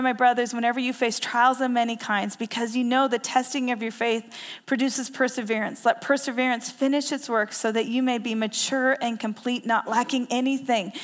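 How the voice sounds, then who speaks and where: A woman preaching a sermon, telling a story in earnest and repeating key phrases for emphasis. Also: fairly high pitch. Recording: long hall reverb.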